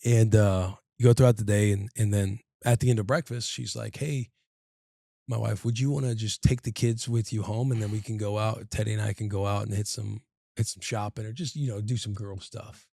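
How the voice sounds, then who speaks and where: Energetic slangy man telling a story. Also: on the low side, fairly quick, gravelly, dry recording, clean studio sound. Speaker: podcast co-host. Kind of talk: casual chat.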